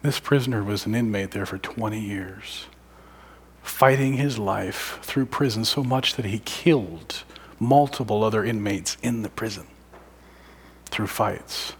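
A man preaching a sermon, moving from emphatic, raised lines to hushed whispers. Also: lowish voice, a little slow, slight background noise.

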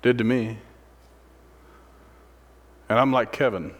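A man in the middle of a sermon, with a voice of ordinary pitch for a man. He keeps changing his delivery, climbing to loud, excited peaks and then dropping to a near-whisper. He asks his listeners one rhetorical question after another. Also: slow. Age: adult, a father of sons. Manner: dramatic, swinging from loud exclamation to hushed near-whisper. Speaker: preacher.

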